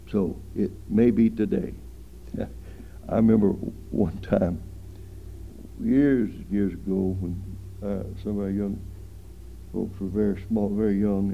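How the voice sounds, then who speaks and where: Male preacher, gravelly voice, sermon with booming scripture passages, dull lo-fi recording. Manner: rises to loud emphatic scripture reading.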